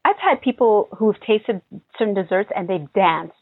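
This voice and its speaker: A young woman chef telling her stories with lively animation, laughing as she goes. The sound is tinny and narrow like a phone call, and bone dry with no room around it. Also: mid-range voice, moderate pace, husky, dry recording. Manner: animated storytelling, laughs often. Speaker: pastry chef guest. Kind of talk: casual interview answers.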